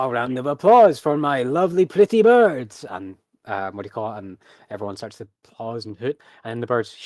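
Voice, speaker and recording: A man's voice: lowish voice, fairly bright tone, dry recording. A man running a tabletop game who narrates the scene loosely, with frequent ums and restarts. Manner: hesitant, full of ums and restarts. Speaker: game master.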